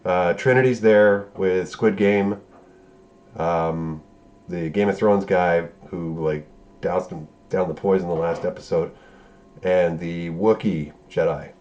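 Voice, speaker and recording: A man's voice: sits low, fairly even intonation, takes it slowly, darkish tone, dull audio. A man giving a casual recap of a show episode, profane and sarcastic, breaking into incredulous outbursts. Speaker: show reviewer.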